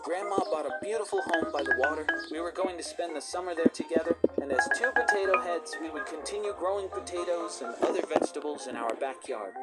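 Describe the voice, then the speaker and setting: A narrator telling a first-person animated story in a brisk scripted way. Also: mid-range voice. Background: loud music.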